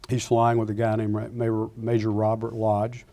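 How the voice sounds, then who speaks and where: An older man, a retired Air Force pilot, giving a lecture full of anecdotes and acting out the dialogue with lively restarts. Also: on the low side, normal speed. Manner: animated storyteller acting out dialogue, frequent restarts.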